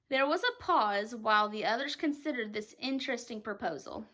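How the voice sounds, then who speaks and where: A woman teacher reads a children's storybook aloud with expressive, dramatic pacing. Her voice is high and bright, and she leans into the action with lively emphasis. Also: moderate pace, few pauses.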